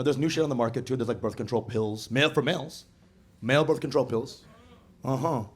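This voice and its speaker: A man performing a stand-up comedy set on a club stage, joking in an animated way with a handheld mic. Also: medium pitch. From Bangladesh. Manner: animated, jokey delivery with frequent laughter. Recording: live club recording, loud crowd laughter.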